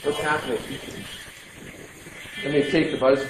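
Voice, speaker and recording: Male physics teacher, fairly high voice, lively and joking with his class, echoey classroom. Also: measured pace. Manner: lively, joking, quizzes students. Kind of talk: classroom lecture. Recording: echoey classroom, faint noise.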